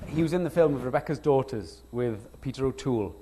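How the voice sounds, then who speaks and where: A Welsh actor in an on-stage conversation, telling lively anecdotes with frequent laughs and restarts. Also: male voice, mid-range voice, fairly quick, slight background noise. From Wales. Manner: animated anecdotes, laughs often, self-interrupting restarts. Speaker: guest actor. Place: lecture stage before an audience.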